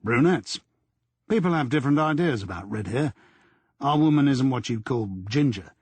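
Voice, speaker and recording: A man's voice: mid-range voice, expressive, moderate pace, a little mellow, slightly rough, dry recording. A man voicing a blunt, snappish male police superintendent in an audiobook. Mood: brusque. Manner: curt, snappish commands.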